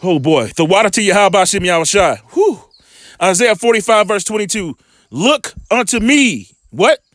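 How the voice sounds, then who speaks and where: Animated high-voiced man reading scripture. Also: dry recording, studio quality. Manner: slow deliberate reading, casual asides. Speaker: scripture teacher.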